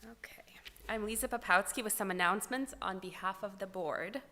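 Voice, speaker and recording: Bright woman reading announcements. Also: medium pitch, brisk. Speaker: board member giving announcements. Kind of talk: congregational announcements. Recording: echoey hall with faint noise.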